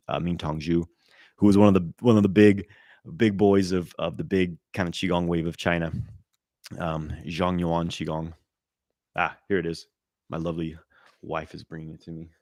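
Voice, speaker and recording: A man answering viewer questions on a live stream, loose and animated, swearing, with many fillers and restarts. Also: low-pitched, a little fast, dry recording, clean studio sound. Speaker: qigong teacher answering live chat questions.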